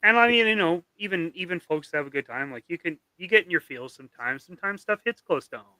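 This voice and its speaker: A man's voice: fairly high pitch, animated, fast talker, sharp tone, no echo. A man hosting a live stream in casual chat, enthusiastic, jokey and profane.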